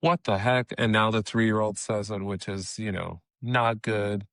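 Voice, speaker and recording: Guy from california, lowish voice, laid back and halting, dry close mic. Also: dry recording. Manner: relaxed, hesitant with many restarts. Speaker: guest comedian. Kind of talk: casual podcast chat.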